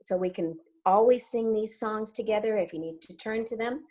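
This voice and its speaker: A middle-aged woman leading a sing-along warm-up as choir leader, upbeat and coaching, with crisp diction. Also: medium pitch, normal speed.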